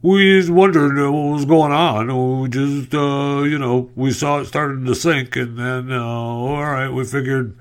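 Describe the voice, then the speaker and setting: A man's voice: mid-range voice, steady tone, unhurried, hardly any pauses, pitched above the performer's own voice, natural voice. A man voicing a clueless male official who fumbles through excuses, hesitant and rambling. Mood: flustered. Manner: hesitant, rambling, full of fillers.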